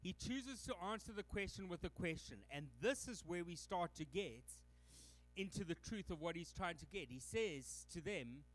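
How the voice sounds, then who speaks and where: High-voiced Canadian pastor preaching. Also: male voice, moderate pace, soft background music. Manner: animated preaching, acting out quoted voices. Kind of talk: sermon.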